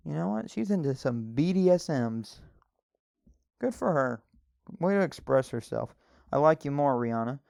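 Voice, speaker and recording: A man's voice: a little high, lively intonation, moderate pace, creaky, darkish tone, dry recording, clean studio sound. A young man rambling alone on his podcast, cursing often and mocking himself between filler words. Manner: rambling, crude, self-mocking jokes with frequent fillers. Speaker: podcast co-host recording solo. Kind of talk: rambling solo podcast monologue.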